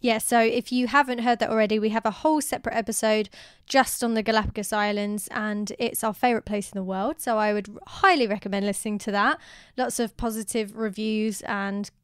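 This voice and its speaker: A woman's voice: medium pitch, fairly even intonation, fairly quick, smooth, no room sound, clean studio sound. A young woman co-hosting a travel podcast, chatting enthusiastically and giving advice. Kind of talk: casual chat.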